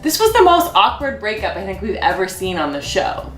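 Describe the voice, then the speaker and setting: A woman's voice: mid-range voice, huge pitch swings, fairly quick, fairly bright tone, echoey room, faint music behind, poor audio. A woman co-hosting a casual recap chat, chatty and gushing, laughing often. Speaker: radio co-host.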